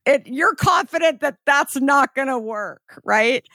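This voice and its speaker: A woman's voice: high-pitched, animated, unhurried, sharp tone, no room sound, studio quality. A woman hosting an interview, asking questions loosely, repeating words and tagging them with "right?". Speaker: podcast host. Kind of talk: casual interview chat.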